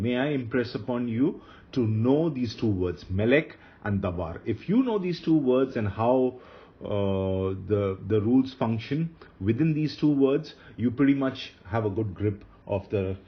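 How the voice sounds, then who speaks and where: A man teaching a grammar lesson, his pitch rising and falling in a lively, emphatic way. He repeats each rule slowly so students will remember it. The recording is a dull, lo-fi voice-over. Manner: slow, repeats key rules for emphasis. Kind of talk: slide-based grammar lecture.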